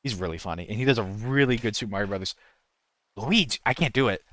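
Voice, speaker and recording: A man's voice: fairly low pitch, fast talker, fairly bright tone, no room sound. A man streaming a game and chatting casually, rambling and breaking off to try voice impressions. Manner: rambling, self-interrupting, tries out voice impressions. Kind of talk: casual gaming stream chat.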